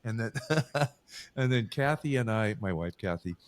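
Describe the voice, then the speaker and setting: A man's voice: on the low side, animated, unhurried. A man from Southern California telling stories as a podcast co-host, chatty and laughing often. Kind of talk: casual chat.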